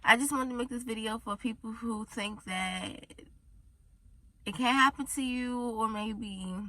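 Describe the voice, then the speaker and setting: A woman's voice: on the high side, pushed and bright. A pregnant teenage girl telling a casual story-time vlog from inside a car, chatty and rambling, a little tired and down. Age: teens. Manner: chatty, rambling, says y'all often. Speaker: vlogger.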